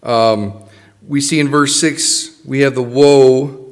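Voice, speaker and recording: A man's voice: mid-range voice, steady tone, slow pace, in a large hall. A man leading a Bible study, reading scripture passages aloud and then explaining them in a plain, casual way with fillers. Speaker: Bible teacher.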